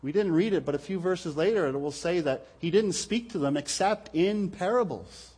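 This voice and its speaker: Male preacher delivering a sermon, slightly higher voice, earnest, repeats words for emphasis. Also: expressive, normal speed, a little mellow, husky. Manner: earnest, repeats words when stressing points.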